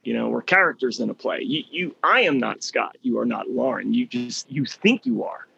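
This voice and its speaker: A man talking as a podcast guest, telling a story with passion, animated and repeating phrases for emphasis. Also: medium pitch, normal speed, creaky, dull audio, a little hiss or hum. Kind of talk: impassioned storytelling.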